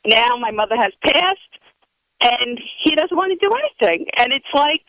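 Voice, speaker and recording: A woman's voice: fairly high pitch, lively intonation, moderate pace, bright, forceful tone, dry recording, rough recording. A woman calling in to a radio show by phone, friendly and telling a family story. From Ireland. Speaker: caller. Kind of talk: call-in chat. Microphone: telephone.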